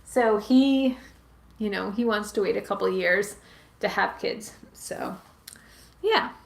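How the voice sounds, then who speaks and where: At home with her pets nearby, a woman in her late twenties from Massachusetts hosts a casual live Q&A, drifting through viewer questions and saying "like" and "um" a lot. Her medium-pitched voice is slow and carries vocal fry. A webcam or phone handles the livestream audio in an echoey space.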